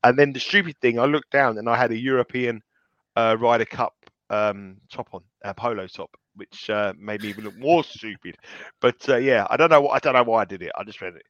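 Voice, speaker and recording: Male co-host, casual rambling storyteller, mid pitch, dry lo-fi sound. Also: brisk, a bit bright, no room sound. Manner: rambling, self-mocking storyteller with many restarts. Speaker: podcast co-host, betting tipster. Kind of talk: casual podcast chat. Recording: slightly dull lo-fi sound.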